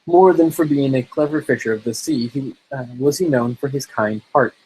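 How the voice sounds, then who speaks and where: A man reading fairy tales aloud in a relaxed, informal way, sometimes stumbling over words and joking between lines. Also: medium pitch, moderate pace, slightly rough, rough recording. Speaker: storybook reader.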